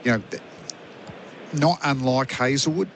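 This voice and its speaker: A middle-aged man, a former fast bowler as expert radio commentator, telling rambling anecdotes. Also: mid-range voice, vocal fry, slight background noise. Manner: chatty, rambling anecdotes with fillers.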